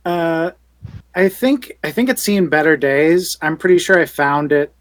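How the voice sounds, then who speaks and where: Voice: medium pitch, unhurried, no echo. A player speaking in character in a tabletop game, hesitant with many fillers.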